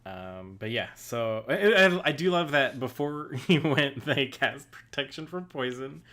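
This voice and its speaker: A woman co-hosting a casual podcast recap, laughing often and filling pauses with ums and mm-hmms. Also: rumbling low, expressive, fairly bright tone. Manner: giggly, many fillers and mm-hmms. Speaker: podcast co-host.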